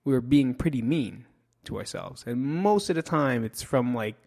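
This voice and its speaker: A man's voice: medium pitch, expressive, a little slow, gravelly, a little mellow. A middle-aged man hosting a casual monologue, joking and swearing as he mocks himself. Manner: profane, joking, self-mocking. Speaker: podcast host.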